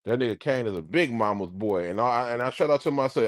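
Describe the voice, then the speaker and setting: A man streaming, ranting casually to his live chat in an animated, profane way. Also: mid-range voice, fast, no room sound, clean studio sound.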